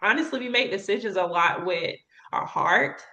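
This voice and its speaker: A woman's voice: medium pitch, expressive, moderate pace, sharp tone. Candid woman host chatting with a guest. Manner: candid and conversational, laughs easily. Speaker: podcast host. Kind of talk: casual interview chat.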